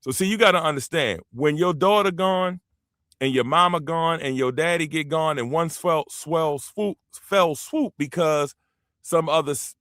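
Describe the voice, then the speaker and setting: In dry, studio-quality audio, a man from the United States with a slightly high voice runs his own show. His casual opinion commentary is rambling, animated and emphatic, often addressed directly to the audience.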